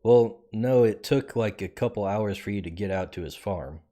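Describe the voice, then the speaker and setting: A man running a tabletop game as game master, relaxed and teasing. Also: on the low side, normal speed.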